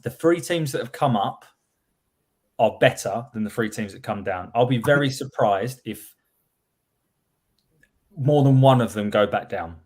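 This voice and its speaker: A man co-hosting a live podcast, talking through his points in a measured, analytical way. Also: mid-range voice, animated, a little mellow. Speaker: podcast co-host. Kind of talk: casual live-stream chat.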